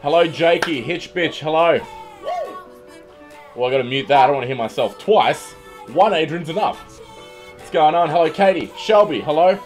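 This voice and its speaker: An Australian man with a fairly high voice hosts a livestream at his computer, speaking at a moderate pace with frequent pauses. He chats casually and jokes while greeting viewers by name, with music playing behind him.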